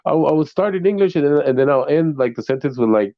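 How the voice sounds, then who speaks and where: A man's voice: fairly high pitch, lively intonation, fast talker, no echo, highs cut off. A man who grew up speaking Spanish, chatting casually as a podcast host, rambling with many restarts and laughing often. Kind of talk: casual chat.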